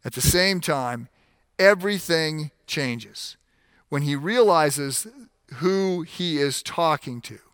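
A man preaching a sermon, animated, acting out the voices in the scripture stories as he goes. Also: a little high, slow pace, clear, resonant tone, no room sound, clean studio sound. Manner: frequent restarts and fillers while explaining. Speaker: pastor.

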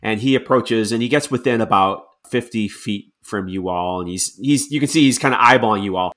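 A man narrating a tabletop game as game master, describing scenes in a relaxed, descriptive way. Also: lowish voice, fairly quick.

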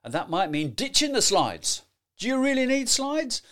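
A middle-aged man gives lively, emphatic podcast advice on presenting, often tagging his points with rhetorical questions. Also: very high-pitched, moderate pace. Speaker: presentation skills coach. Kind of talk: solo podcast advice talk.

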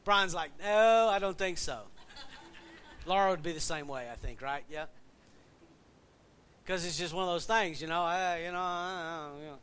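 A man's voice: fairly high pitch, normal speed, pushed and bright, clean tone. A man preaching a casual, folksy sermon, joking and chatting directly with his congregation in a church. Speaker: pastor.

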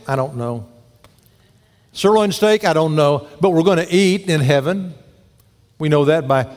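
A man preaching in a slightly high voice, folksy and storytelling, often turning questions on his listeners. His sermon rings with a long echo through a large church hall. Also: a little mellow. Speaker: pastor.

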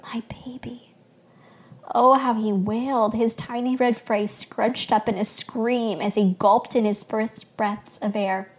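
Woman, podcast host, story reading, soft, expressive, middle pitch. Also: unhurried, hardly any pauses. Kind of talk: reading a fictional story aloud.

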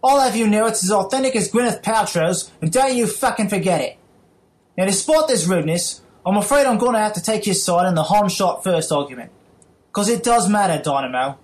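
A man with a put-on British accent voicing a pompous gentleman caller in a comic, profane voicemail rant. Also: sits high, expressive, a little fast. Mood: haughty. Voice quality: mock-haughty, profane.

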